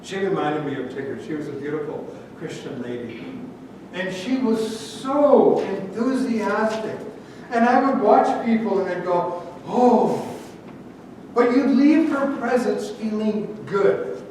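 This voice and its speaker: A man's voice: high-pitched, unhurried, darkish tone, distant mic, a little hiss or hum. A male pastor preaching a sermon in a conversational way, telling stories with light humor. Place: church sanctuary. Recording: echoey church hall from afar.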